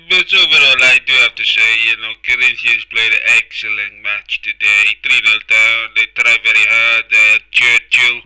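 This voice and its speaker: A man's voice: medium pitch, sharp tone, clean tone, low-quality recording. A man voicing a pompous, boastful foreign football manager with a put-on foreign accent, swaggering and swearing casually.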